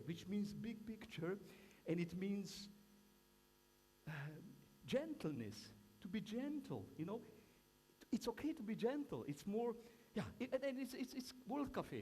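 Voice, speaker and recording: A man giving a lively conference talk in broken English, emphatic and playful, acting out little asides between violin demonstrations. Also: sits high, slight background noise. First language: Slovenian. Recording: echoey hall, violin music between phrases.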